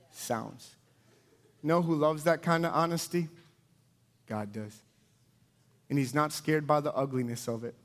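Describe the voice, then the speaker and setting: A man in his thirties preaching a sermon, telling stories with big loud bursts that drop to soft, low emphasis. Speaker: pastor.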